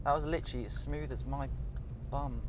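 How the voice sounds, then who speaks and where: A young British man giving a jokey, excitable, sweary running commentary while driving, recorded on a dashboard camera inside his car. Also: medium pitch, fairly quick, noisy background. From United Kingdom. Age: young adult. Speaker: vlogger. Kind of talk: casual driving vlog commentary. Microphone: dashboard action camera. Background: car radio music.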